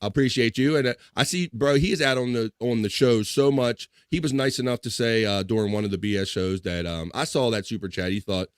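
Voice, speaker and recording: A man's voice: medium pitch, a little fast, hardly any pauses, smooth, dry recording, clean studio sound. A man hosting a casual live stream, reading viewer comments aloud in a laid-back way and laughing often.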